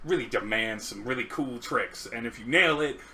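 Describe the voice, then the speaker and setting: A man's voice: mid-range voice, moderate pace, bright, forceful tone, low-quality recording. A man who raps, co-hosting a casual song review, joking, laughing and swearing as he talks. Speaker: co-host reviewing songs; rapper. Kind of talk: casual chat.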